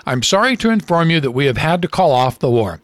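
A man's voice: a little high, very animated, fast, dry recording. A man voicing a cheeky Irish pub man with an Irish accent and folksy, jaunty exclamations.

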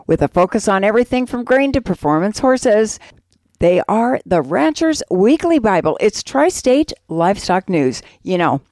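A woman co-hosting a radio show, reading an ad and an inspirational piece with expressive delivery. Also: medium pitch, moderate pace, no room sound. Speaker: radio co-host.

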